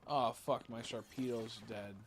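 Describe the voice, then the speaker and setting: A man's voice: medium pitch, steady tone, a little slow, slight background noise. A young man streaming a game, tired and swearing as he chats to viewers. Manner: tired, swearing, talks to chat. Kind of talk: casual gaming commentary. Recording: game music behind.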